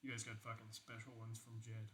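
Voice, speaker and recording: A man's voice: lowish voice, monotone, a little fast, sharp tone, rough recording. A young man casually narrating a tabletop game as game master, rambling with lots of fillers and swearing.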